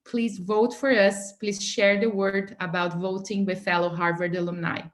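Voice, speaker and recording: Woman on a video call reading her campaign speech, earnest and steady, mid-pitched. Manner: earnest and measured. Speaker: board candidate.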